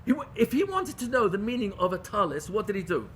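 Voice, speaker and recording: A man teaching a Torah class to a group. He questions his listeners and swings between loud pleading and hushed intimacy. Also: high voice, big pitch swings, fast, slight background noise. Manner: questions the audience. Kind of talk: Torah lecture to a live group.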